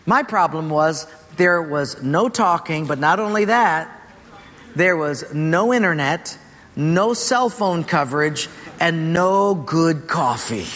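A man preaching a sermon, telling a funny personal story with lively delivery and laughter, then slowing into a quiet, earnest close and a prayer. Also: a little high, long reverb tail. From Portugal. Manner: humorous, animated storytelling with laughter. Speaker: pastor.

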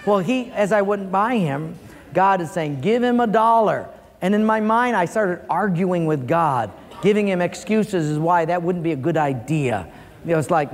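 High-voiced man preaching in a hall. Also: a little slow. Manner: animated storytelling, acts out voices in a joke. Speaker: pastor. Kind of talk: sermon.

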